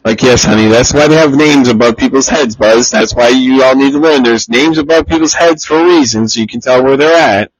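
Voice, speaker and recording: A man's voice: medium pitch, brisk, few pauses, low-quality recording. A man co-hosting a casual podcast, teasing his friends and swearing freely. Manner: profane, teasing, animated impressions. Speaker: podcast co-host. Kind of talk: casual chat.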